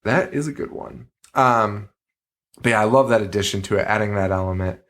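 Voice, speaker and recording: A man co-hosting a podcast in casual chat, animated, swearing freely and laughing often. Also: lowish voice, a little fast. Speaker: podcast co-host.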